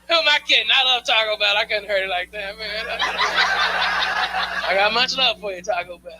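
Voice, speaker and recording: A man's voice: high-pitched, huge pitch swings, measured pace, pauses often, background noise. A male stand-up comedian on a club stage, talking loose and slangy while teasing the crowd through a handheld mic.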